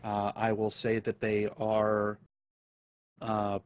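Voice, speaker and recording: A man guesting on a casual gaming podcast, speaking in a measured, hesitant way with frequent pauses. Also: fairly low pitch, completely flat delivery.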